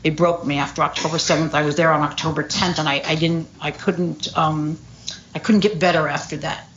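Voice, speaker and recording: A woman's voice: deep voice, steady tone, brisk, muffled recording, slight background noise. A middle-aged woman speaking at a recovery meeting, telling her story candidly with lots of fillers. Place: meeting room.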